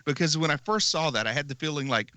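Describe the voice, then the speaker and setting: A man chatting on a podcast with a bright, slightly high voice. He talks in an animated way and laughs often. The sound is close and dry. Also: fast talker, no room sound. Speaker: podcast host. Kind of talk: casual chat.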